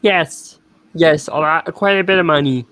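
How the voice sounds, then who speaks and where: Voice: mid-range voice, moderate pace, fairly bright tone, dry recording. A co-host in a casual TV review, dry and matter-of-fact.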